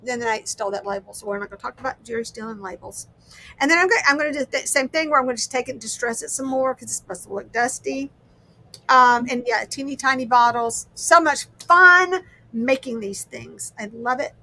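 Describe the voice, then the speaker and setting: A woman's voice: a little high, brisk, sharp tone. A woman hosting a casual crafting livestream, chatting in a rambling, self-deprecating way. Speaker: livestream host.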